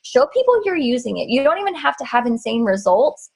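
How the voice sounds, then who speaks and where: A woman's voice: on the high side, very animated, brisk, vocal fry, breathy edge, rough recording. A woman hosting a casual team training on a video call, direct and practical.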